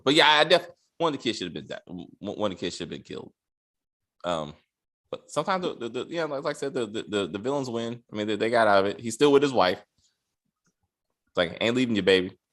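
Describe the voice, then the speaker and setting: Animated man in casual chat. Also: on the low side, fast talker. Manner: animated, acts out characters' lines. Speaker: podcast host.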